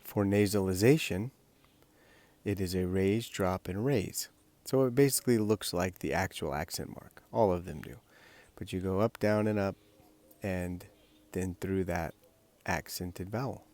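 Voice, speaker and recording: Deep-voiced man teaching language lessons. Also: measured pace, darkish tone. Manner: patient, step-by-step explaining. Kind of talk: instructional explanation.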